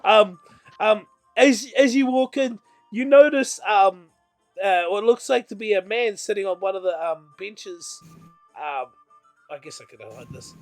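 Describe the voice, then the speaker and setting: High-voiced man narrating a tabletop game. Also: lively intonation, unhurried, faint music behind. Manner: meandering, self-correcting narration. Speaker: game master.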